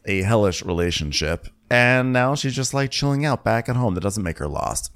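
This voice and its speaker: A man's voice: fairly low pitch, lively intonation, normal speed, fairly bright tone, smooth. A man co-hosting a podcast, chatting casually as he recaps a reality show and mimics the people in it. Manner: chatty storyteller, quotes people in a mocking voice. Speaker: podcast co-host.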